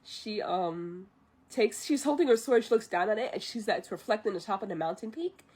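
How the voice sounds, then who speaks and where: A young woman streamer casually retelling a film from memory, chatty and pausing to recall details. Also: medium pitch, animated, a little mellow, slightly rough. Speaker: vtuber streamer. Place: livestream at home.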